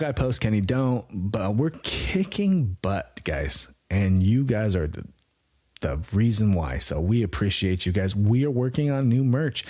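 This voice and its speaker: A man's voice: medium pitch, warm tone. A man in his forties co-hosting a podcast, talking in a blunt, profane, rambling way. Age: 40s. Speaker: podcast co-host. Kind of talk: casual podcast chat.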